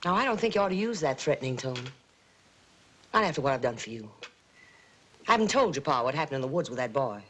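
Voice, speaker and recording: A needling, prim aunt. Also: female voice, rumbling low, very animated, quick pace, pauses often, a bit bright, a little hiss or hum, exaggerated voice. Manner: nagging, insinuating, prim. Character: sly, needling aunt who keeps house. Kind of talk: 1950s TV drama acting.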